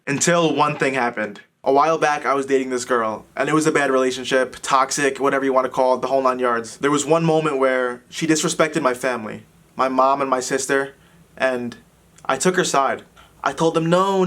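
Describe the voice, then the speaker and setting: A man's voice: fairly high pitch, fairly bright tone. A man in his twenties telling a candid, self-deprecating personal story. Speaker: vlogger. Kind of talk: personal confessional monologue.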